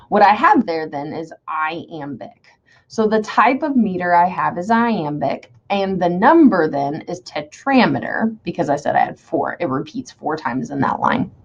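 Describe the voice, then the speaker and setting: A woman teacher walks through a lesson, explaining each step and checking in with "okay?" as she goes. She reads lines of verse slowly, sounding out each beat. The audio is dull and lo-fi. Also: mid-range voice. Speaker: English teacher. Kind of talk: recorded online lecture.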